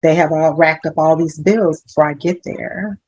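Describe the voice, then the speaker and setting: A woman hospital social worker, a guest in a conversational interview, explaining things in a measured way with some fillers. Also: low voice, fairly even intonation, darkish tone, slightly rough, muffled recording.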